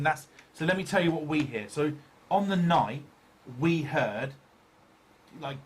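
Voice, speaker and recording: A man's voice: mid-range voice, husky. Chatty male paranormal show host. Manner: chatty, repeats phrases, quick to laugh. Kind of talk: live casual chat reading viewer comments.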